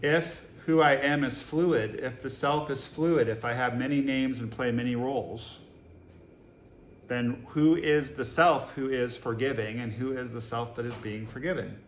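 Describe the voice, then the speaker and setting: A man's voice: medium pitch, a little slow, slight background noise. A man from Boston, giving a Zen dharma talk to a live audience in a meditation hall, casual and joking, with many rhetorical questions. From Boston, USA. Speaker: Zen teacher. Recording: echoey room, faint ambience.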